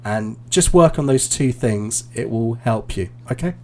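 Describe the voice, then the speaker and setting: This is a British man teaching IELTS online, live, who hands out laid-back, explanatory feedback with lots of ums and uhs. His pitch is medium and he never rushes.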